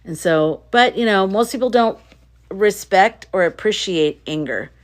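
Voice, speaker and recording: Hosting a casual livestream, a woman chats and reads out viewer comments emphatically, frequently repeating herself. Her medium-pitched voice is expressive and unhurried.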